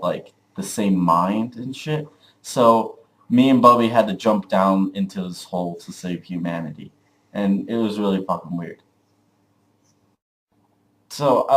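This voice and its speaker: A man's voice: on the low side, fairly bright tone. A young man vlogging, telling a dream story casually, rambling with lots of "like" and swearing. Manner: rambling, full of "like", profane.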